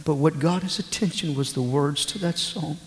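Slow, high-voiced male pastor in an echoing hall. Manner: slow, emotional storytelling with dramatic pauses. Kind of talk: sermon with a story. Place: church hall. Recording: echoey hall, long reverb.

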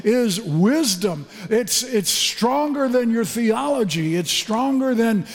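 A man's voice: very high voice, expressive, takes it slowly. A man preaching a sermon with fervent, emphatic delivery and repeated phrases. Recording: echoey hall with long reverb.

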